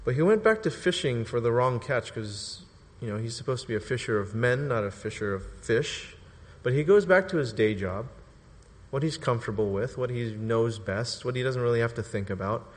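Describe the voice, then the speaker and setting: A man preaching a sermon, telling the story in a lively, joking way and acting out quotes. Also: medium pitch, moderate pace, long reverb tail.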